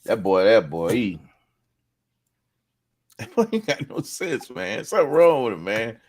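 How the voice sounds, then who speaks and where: A middle-aged man with a fairly low voice, talking easily with friends in a slow, drawn-out way. He laughs often and lets his stories run long. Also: sing-song, a little mellow. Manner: laid-back, laughs often, drawn-out storytelling. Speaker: podcast co-host. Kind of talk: casual chat among friends.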